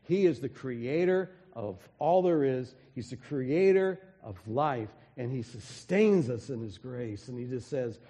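A pastor preaching a sermon in an earnest way, often restarting phrases and dropping softly for emphasis. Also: male voice, mid-range voice, expressive, a little slow, hardly any pauses, in a large hall. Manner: earnest, with frequent restarts and soft drops for emphasis.

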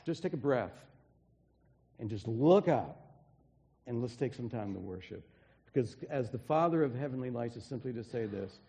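A pastor preaching a sermon in an earnest way, often restarting phrases and dropping softly for emphasis. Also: male voice, mid-range voice, breathy edge, long reverb tail. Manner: earnest, with frequent restarts and soft drops for emphasis.

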